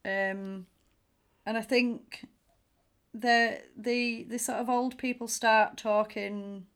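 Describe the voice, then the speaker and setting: A woman's voice: a little high, steady tone, takes it slowly, a bit bright, clean tone. A woman chatting casually as a podcast co-host, retelling film scenes and anecdotes with quoted voices. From England. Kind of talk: casual chat.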